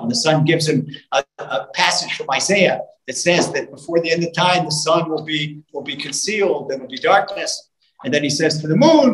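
A man's voice: on the high side, fairly quick, a little hiss or hum. Fervent male rabbi preaching in a roomy hall. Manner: animated storytelling with sung lines and rising fervor. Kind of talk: storytelling sermon. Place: live talk in a room. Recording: roomy live hall recording.

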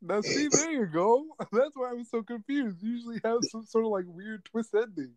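A man's voice: extremely high pitch, moderate pace, a little mellow. A young man co-hosting a podcast, telling stories animatedly and laughing often. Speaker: podcast co-host. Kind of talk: casual chat.

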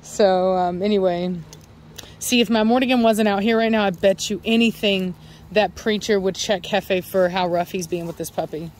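A woman's voice: mid-range voice, steady tone, moderate pace, a little mellow, a little hiss or hum. A woman, a dog breeder talking casually outdoors while she watches her dogs and fills her speech with ums and likes. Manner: chatty, lots of fillers, voices her dogs' thoughts. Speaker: dog breeder and channel host. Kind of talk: casual outdoor vlog narration.

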